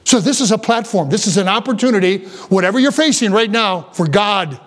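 High-voiced earnest preacher man. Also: animated. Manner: earnest, swings from loud declarations to low hushed asides; quick restarts and stammers. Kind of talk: sermon.

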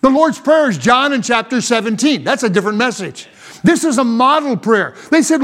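A man delivers a sermon from the pulpit. His voice sits unusually high, and his preaching is fervent, swelling to shouts at times. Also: animated, moderate pace. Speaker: pastor.

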